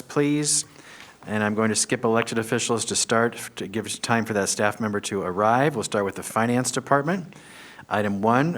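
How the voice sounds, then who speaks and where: Man briskly reading meeting agenda items. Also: medium pitch, a bit bright. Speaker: county administrator.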